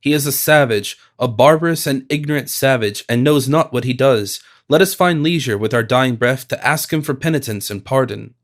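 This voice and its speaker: Brief: man voicing a dignified elder sister, firm, solemn, steady and mid-pitched. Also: normal speed, hardly any pauses, close to an everyday voice.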